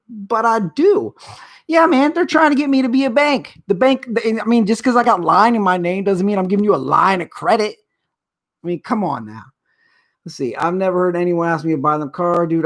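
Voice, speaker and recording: A middle-aged man hosting a live stream, ranting in an agitated, rambling way. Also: sits high. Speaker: show host. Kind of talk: casual live-stream rant.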